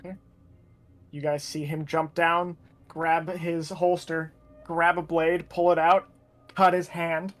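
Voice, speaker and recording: A man's voice: fairly high pitch, little pitch movement, slow, faint music behind. A man running a tabletop role-playing game as game master, narrating in a casual, laid-back way.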